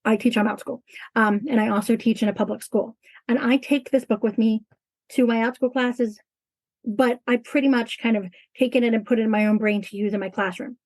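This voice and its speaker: Earnest woman teacher, high-ish voice. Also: fairly even intonation, fairly quick, darkish tone, no room sound. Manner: earnest, emphatic, acts out classroom talk. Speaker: teacher, guest. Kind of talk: conversational interview.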